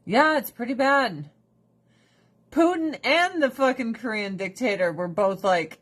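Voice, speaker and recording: A woman's voice: on the high side, lively intonation, measured pace, a bit bright. A woman ranting bluntly and swearing on a casual livestream while doing her skincare, breaking into laughs between remarks. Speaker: livestream host.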